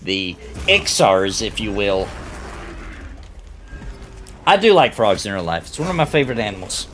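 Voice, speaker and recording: A man casually chatting on a game stream, telling stories with lively shifts in voice. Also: moderate pace, soft background music. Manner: animated storyteller, jumps high when quoting people. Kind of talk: casual gaming stream chat.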